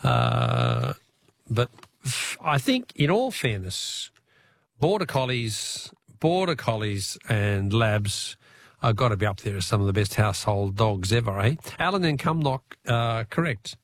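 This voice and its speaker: A man with an Australian accent hosting a talkback radio quiz, chatty and quick with asides, laughing easily with callers. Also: on the low side, sing-song, vocal fry.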